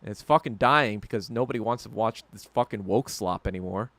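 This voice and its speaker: A man hosting a solo podcast, ranting heatedly and with heavy profanity, swinging from low muttering to loud outbursts. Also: a little fast, no room sound. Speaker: podcast host.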